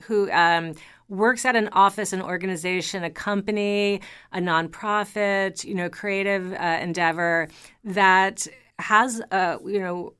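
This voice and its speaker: A woman's voice: mid-range voice, fairly even intonation, measured pace, a bit bright, clear, resonant tone. A woman in her fifties hosting a conversational interview podcast, talking in an enthusiastic, chatty way with many fillers and restarts. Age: 50s. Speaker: podcast host.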